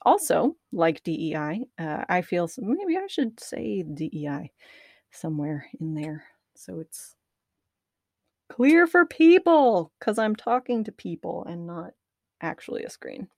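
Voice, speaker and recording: A woman's voice: fairly low pitch, sing-song, measured pace, creaky, mellow, dry recording. A woman podcast host recording outtakes at a computer microphone. She is nervous with a dry mouth, laughs at herself and keeps restarting her lines. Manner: self-deprecating, giggly, restarts often. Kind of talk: casual recording outtakes, self-commentary. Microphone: studio microphone at a computer.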